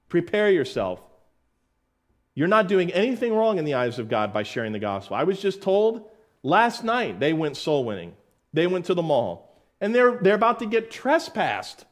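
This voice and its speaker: A man preaching a verse-by-verse sermon as pastor, animated, acting out scenes and quotes and often restarting his words. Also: fairly high pitch.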